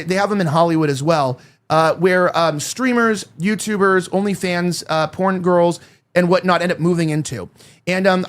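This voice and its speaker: Man, host, fairly high voice, rambling, lots of fillers. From Los Angeles. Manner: rambling, frequent fillers and restarts. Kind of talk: casual panel talk.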